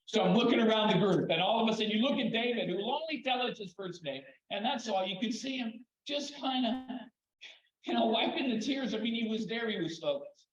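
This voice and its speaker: An older man and children's therapist giving a conference talk, telling stories in an animated way with dramatic pauses. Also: high voice. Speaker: keynote speaker, children's therapist. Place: large conference hall. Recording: echoey hall, slightly dull sound.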